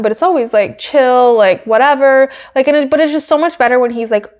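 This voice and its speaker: A young woman hosting a podcast, recapping a race in casual chat with lots of fillers and asides. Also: a little high. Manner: chatty, frequent fillers and asides. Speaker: podcast host.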